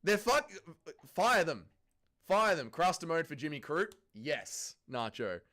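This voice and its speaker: A man's voice: a little high, big pitch swings, unhurried, bright, forceful tone. A young Australian man hosting a casual fight-night watch-along, swearing freely and reading chat aloud. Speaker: livestream host.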